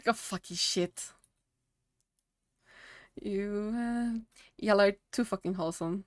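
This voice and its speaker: A woman live-streaming and chatting casually to her viewers, emotional and quick to laugh, swearing freely. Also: mid-range voice, no echo, clean studio sound. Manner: talks to her chat directly. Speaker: livestream host.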